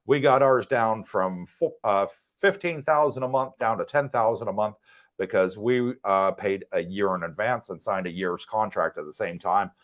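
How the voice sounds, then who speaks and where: A man's voice: on the low side, moderate pace. Chatty American man on a livestream. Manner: relaxed, chatty, easy laughs. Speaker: livestream co-host. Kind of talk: casual livestream chat reading viewer questions. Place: condo in Thailand.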